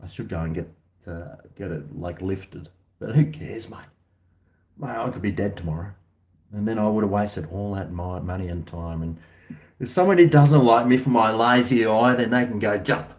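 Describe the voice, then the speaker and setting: A man's voice: fairly low pitch, moderate pace, a little mellow. A middle-aged Australian man chatting casually and rambling on a livestream, reading out viewer comments. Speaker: livestream host.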